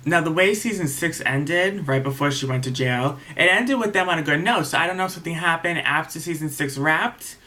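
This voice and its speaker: A man's voice: a little high, a little fast, hardly any pauses, pushed and bright. A man recapping a reality show episode in a casual, rambling way, retelling what the cast said and openly taking sides, with many ums and restarts.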